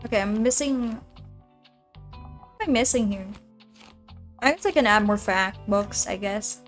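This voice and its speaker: A woman's voice: medium pitch, measured pace, soft background music. A woman streaming a game, chatting casually to her viewers, giggling and rambling as she plays. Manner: giggly, rambling, talks to chat. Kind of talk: casual gaming stream chat.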